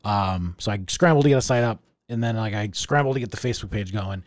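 A man's voice: on the low side, fast, dry recording, clean studio sound. A man hosting a podcast in casual chat, rambling along, swearing freely and laughing often. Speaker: podcast host.

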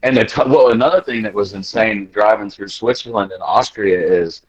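On a muffled recording, an American podcast guest with a lowish voice tells travel stories at a moderate pace. The chat is casual and animated as he acts out quotes and laughs throughout.

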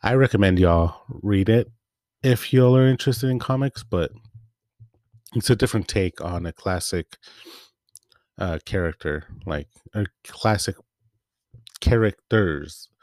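A man with a very low voice hosts a laid-back comic review. He rambles, trails off into asides and leans on fillers, and his voice sounds worn out. The sound is dry and close. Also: a little slow, long pauses, a little mellow, no room sound. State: voice wearing out. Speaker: host.

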